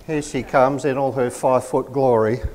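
A man's voice: medium pitch, fairly even intonation, normal speed, background noise. A man leading a church service, teasing his wife in a jokey manner.

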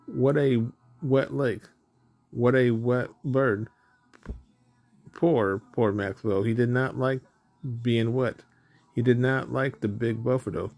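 A man reading a children's picture book aloud in a simple, deliberate way, with small stumbles over words. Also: mid-range voice, gravelly, darkish tone, soft background music. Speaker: storybook reader. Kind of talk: children's story read aloud.

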